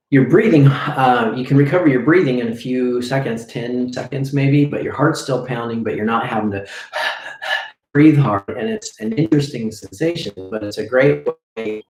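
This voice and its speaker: A man's voice: medium pitch, moderate pace, a little mellow. A man as a breathing coach teaching a live lesson, demonstrating drills as he explains and often checking in with "okay?". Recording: echoey room.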